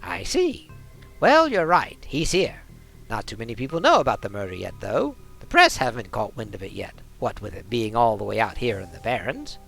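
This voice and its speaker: A man's voice: fairly low pitch, big pitch swings, moderate pace, vocal fry, fairly bright tone, breathy edge, soft background music, exaggerated voice, low-quality recording. A man voicing a chatty, dryly ironic male dwarf coroner in a game. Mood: wry.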